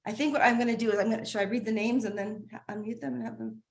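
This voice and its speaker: A woman's voice: fairly high pitch, steady tone, very fast. Gushing woman hosting a video call. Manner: warm, gushing, laughs often, restarts sentences. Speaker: host of a members' video call. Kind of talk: casual group video call.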